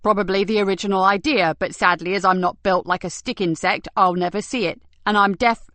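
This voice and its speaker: A woman's voice: medium pitch, fairly even intonation, a little fast, fairly bright tone, no echo, natural voice. A woman voicing a bulky, grumbling male police officer in a crime audiobook, exasperated and complaining.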